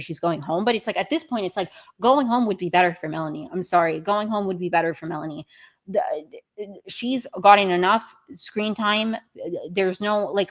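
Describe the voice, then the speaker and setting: Young woman, podcast host, lowish voice, rambling recap, exasperated, self-correcting. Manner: exasperated outbursts with swearing. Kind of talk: casual reality TV recap.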